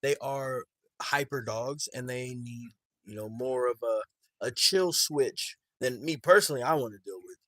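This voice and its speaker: A man hosting a casual podcast chat about dog training, lively and quick to laugh, often repeating words as he starts a thought. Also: mid-range voice, dry recording.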